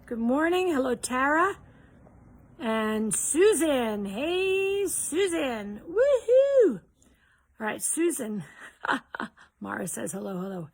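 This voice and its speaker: A woman's voice: fairly high pitch, animated, takes it slowly, creaky. A woman hosting a live question-and-answer stream, greeting viewers with cheers and talking casually with rambling restarts. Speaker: host of a live Q&A.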